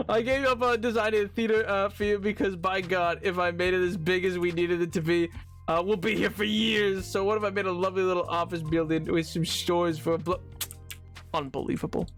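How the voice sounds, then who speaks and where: A man's voice: high voice, flat delivery, a little fast, fairly bright tone, faint music behind. A man streaming a game, chatting casually with his viewers while laughing a lot and stammering over his words. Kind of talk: casual game livestream chat.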